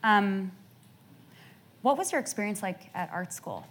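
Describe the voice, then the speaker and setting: Woman, interviewer, enthusiastic, quick reactions, live audience onstage. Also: medium pitch, lively intonation, a bit bright, a little hiss or hum. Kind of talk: casual onstage conversation. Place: stage before a live audience.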